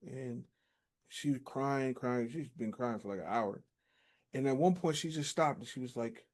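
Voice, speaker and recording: Male host, mellow warm voice, thoughtful and affirming. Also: medium pitch, moderate pace. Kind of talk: interview conversation.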